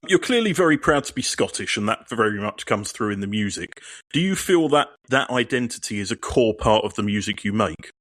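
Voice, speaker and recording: A male podcast interviewer asking measured, prepared questions. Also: fairly low pitch, animated, fairly bright tone, no room sound.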